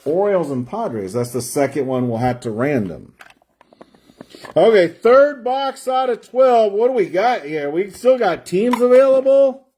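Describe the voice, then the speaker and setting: Man, higher-pitched voice, card break host, live stream chatter, rambling, drawn-out name calls. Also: very animated, dark tone. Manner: chatty, rambling, drawls out player names while opening packs.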